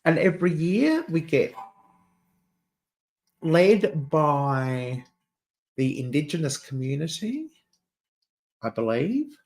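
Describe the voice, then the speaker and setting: A man's voice: mid-range voice, vocal fry. A man with an Adelaide Australian accent, hosting a casual livestream chat, chatty and camp, laughing often and calling listeners dear. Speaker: channel host.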